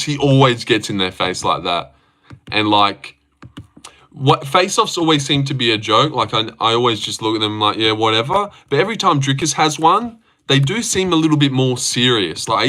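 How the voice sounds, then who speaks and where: A young Australian man hosts a casual livestream, reading chat and rambling, swearing and laughing often. His mid-range voice sounds bright and forceful.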